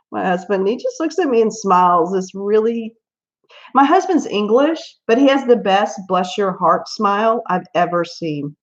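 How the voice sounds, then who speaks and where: A woman's voice: mid-range voice, muffled recording. A woman hosting a casual livestream at home while she colors, chatting in a rambling way and laughing often. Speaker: livestream host.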